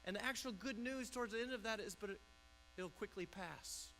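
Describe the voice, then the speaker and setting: A man's voice: very high voice, rapid-fire, sharp tone, a little hiss or hum, low-quality recording. A man pastor preaching a conversational sermon in a church, often restarting and repeating words.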